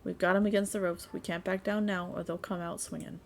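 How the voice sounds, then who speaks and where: A woman's voice: fairly low pitch, level tone, brisk, gravelly, a little hiss or hum. A woman voicing a bitter adult male miner who wants a strike, speaking bluntly and cynically. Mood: defiant.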